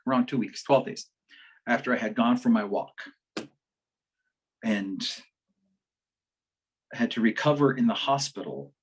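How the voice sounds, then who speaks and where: A man with a slightly husky voice at a middle pitch, recounting a friend's story to a community group. He talks loosely and conversationally, stumbling over words and repeating himself as he quotes people. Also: unhurried, pauses often, poor audio. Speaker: health educator. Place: online community forum session.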